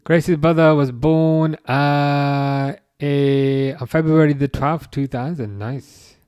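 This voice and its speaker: A man in his thirties hosting a live football watchalong, chatting casually and reading out comments, with a halting, restarting way of talking. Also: on the high side, fairly even intonation, darkish tone, clean tone, no room sound, studio quality. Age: 30s. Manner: halting, many restarts, chuckles often.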